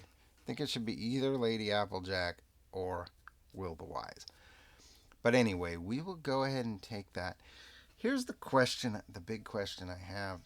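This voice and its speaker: A man narrating a solo tabletop game as game master, in a relaxed, rambling, self-amused way. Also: on the low side. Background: soft background music.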